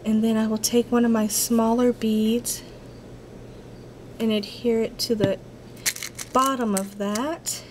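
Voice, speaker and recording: Woman doing a home craft tutorial, kinda high voice, chatty, talks to herself, faint room hiss on a camera mic. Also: flat delivery, slow pace, long pauses, a little mellow.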